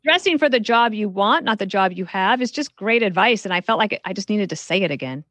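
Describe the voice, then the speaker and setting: A woman's voice: medium pitch, expressive, fairly quick, fairly bright tone, no echo. A woman guest on a podcast interview, frankly giving career advice and telling stories from her work. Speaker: guest author.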